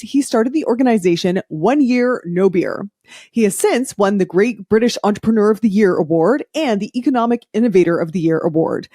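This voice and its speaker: A woman's voice: medium pitch, a little mellow, no echo, clean studio sound. A woman hosting a podcast, reading an upbeat intro and asking interview questions with emphatic energy. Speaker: podcast host.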